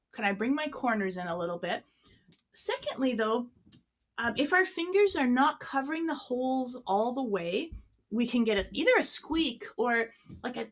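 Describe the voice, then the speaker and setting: A woman with a slightly high voice teaches an online clarinet workshop. She explains breathing and tone in a friendly, practical way. She demonstrates as she talks, sitting a few feet from her microphone. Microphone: a few feet from the mic.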